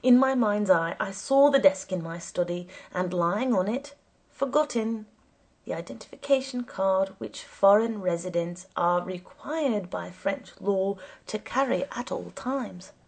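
Breathy woman reading a story aloud. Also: medium pitch, measured pace, darkish tone. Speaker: narrator. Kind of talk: audiobook narration.

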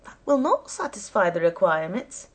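A woman's voice: mid-range voice, big pitch swings, moderate pace. A woman doing a stern, formal police commissioner. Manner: formal, precise.

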